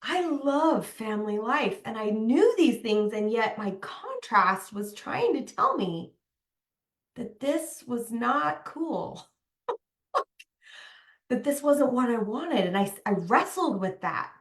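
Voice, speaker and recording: Speaking slowly in a fairly high, sing-song voice, this young mom coach and podcast host talks openly to other mothers. Her motivational talk is chatty and emphatic, full of "like," and the room has a noticeable echo.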